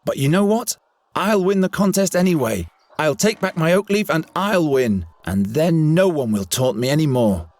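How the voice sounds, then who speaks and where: An actor playing an earnest, defensive young outcast in a video game. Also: male voice, a little high, expressive, moderate pace, darkish tone, natural voice. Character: earnest young male outcast, stubborn dreamer.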